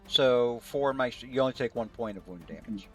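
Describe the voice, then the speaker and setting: A man's voice: medium pitch, moderate pace, fairly bright tone, soft background music. Game master man narrating a tabletop scene. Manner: explains dice rolls and describes scenes plainly.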